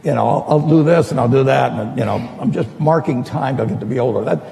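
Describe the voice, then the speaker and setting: A man's voice: mid-range voice, quick pace, vocal fry, dark tone. A man answering interview questions with plain-spoken advice. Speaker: interview guest. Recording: reverberant hall with faint noise.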